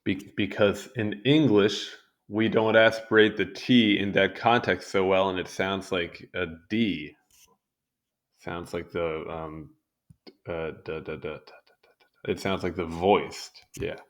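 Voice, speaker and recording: A man's voice: low-pitched, fairly even intonation, slow. A young man reading an encyclopedia article aloud and going off on amused, rambling asides in casual commentary. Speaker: video host reading a wiki article. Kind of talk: casual read-along commentary.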